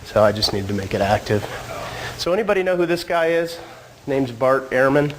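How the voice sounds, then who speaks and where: A man addresses a church crowd in an easy, conversational way, tossing in joking asides. He is getting over a cold, and his voice sits at a middle pitch. A faint hiss runs under the recording. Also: animated, fairly quick, rough recording. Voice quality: slightly husky from a cold. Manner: casual, joking asides to the audience. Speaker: church speaker. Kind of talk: church talk on apologetics. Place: church hall.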